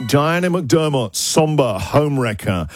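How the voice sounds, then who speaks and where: A man's voice: on the high side, slow. A man hosting a radio show, joking through listener submissions and laughing often. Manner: jokey, laughs often, lively delivery. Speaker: radio host. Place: radio studio. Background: music.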